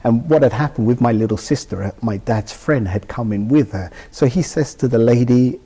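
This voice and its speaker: A man's voice: medium pitch, normal speed, dark tone, husky, in a large hall. A man, a guest in an interview, recounting a personal experience and acting out the dialogue as he goes. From United Kingdom. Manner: vivid retelling that acts out dialogue. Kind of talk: emotional personal storytelling.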